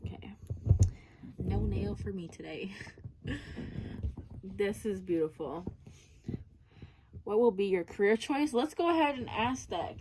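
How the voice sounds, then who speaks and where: A woman's voice: mid-range voice, noisy background. A woman giving a casual personal tarot reading, chatty and effusive, often calling her listener "girl". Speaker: tarot card reader.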